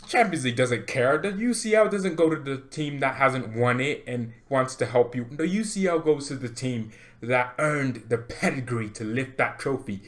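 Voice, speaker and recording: Male fan-channel host, mid-pitched, animated and jokey, hammers his points home by repeating them. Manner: excitable, jokey, laughs often, repeats for emphasis. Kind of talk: animated fan rant to camera.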